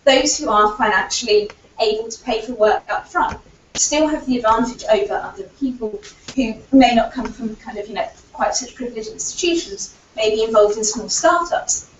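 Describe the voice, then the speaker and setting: A woman's voice: fairly high pitch, a little hiss or hum. Woman presenting in an echoey hall. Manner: earnest, argumentative, frequent fillers like "kind of". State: recovering voice. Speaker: conference speaker. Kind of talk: conference presentation. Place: lecture hall. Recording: echoey hall, distant, dull lo-fi audio.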